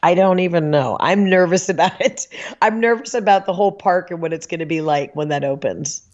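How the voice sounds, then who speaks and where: A woman podcast guest chatting casually, telling animated stories and laughing often. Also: lowish voice, a little fast, lo-fi sound. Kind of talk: casual chat.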